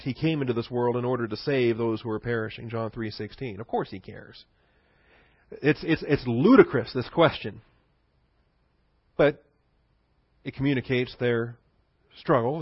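A man's voice: medium pitch, dry recording, highs cut off. A male pastor preaching a sermon in a conversational teaching manner, asking rhetorical questions and chuckling.

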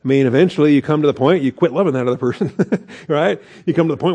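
A man's voice: on the high side, quick pace, mellow. A man preaching a conversational sermon as pastor, with asides and chuckles.

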